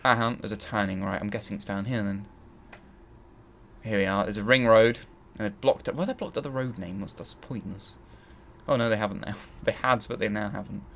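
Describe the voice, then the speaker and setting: Guy hosting a game vid, gravelly, kinda low, talks to himself a lot. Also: brisk, fairly bright tone, slight background noise. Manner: thinks aloud, mutters and grumbles while searching. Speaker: gaming channel host. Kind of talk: let's play commentary.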